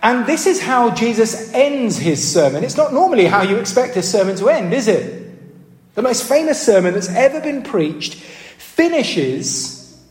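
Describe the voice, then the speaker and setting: With an extremely high, sing-song voice at a measured pace, a man preaches an earnest sermon in a church hall. He keeps asking the congregation questions and checking in with them, and repeats words when restarting. The recording has roomy hall reverb.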